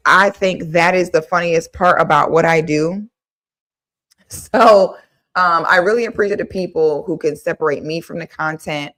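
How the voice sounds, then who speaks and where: Outspoken young woman host, low voice, casual livestream delivery. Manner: blunt and outspoken, thanks viewers warmly by name.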